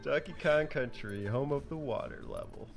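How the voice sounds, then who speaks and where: A man's voice: medium pitch, moderate pace, gravelly, soft background music. A young man co-hosting a podcast, chatting casually about video games with dry, joking asides. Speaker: podcast co-host. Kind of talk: casual gaming chat.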